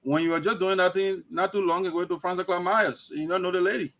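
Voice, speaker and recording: A man's voice: high voice, steady tone, fast, a bit bright. A man hosting an online talk show, lecturing emphatically in livestream commentary. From Liberia.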